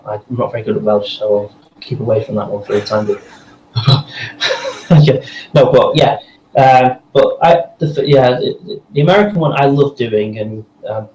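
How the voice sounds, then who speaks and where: A man's voice: medium pitch, a little mellow. Chatty man in an echoey room. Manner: chatty, rambling, frequent restarts and laughs. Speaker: voice actor guest. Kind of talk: casual interview chat. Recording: echoey room with faint noise.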